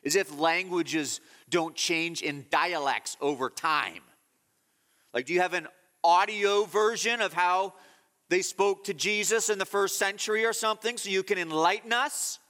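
Male pastor, bright, slightly high voice, sermon delivery with emphatic swings. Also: measured pace, big-room sound. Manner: teaching tone, swings from low explaining to loud emphatic scolding.

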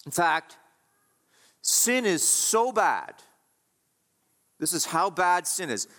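Pastor preaching in a reverberant hall. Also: male voice, sits high, big pitch swings, takes it slowly, fairly bright tone. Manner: rhetorical questions, emphatic repetition. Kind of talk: sermon.

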